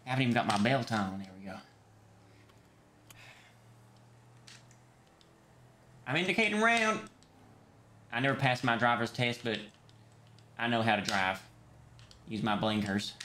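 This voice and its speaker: A man's voice: lowish voice, a bit bright, echoey room, a little hiss or hum. A man streaming a role-play game, voicing a panicky, rambling young male doctor in a put-on accent with lots of stammered restarts. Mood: flustered.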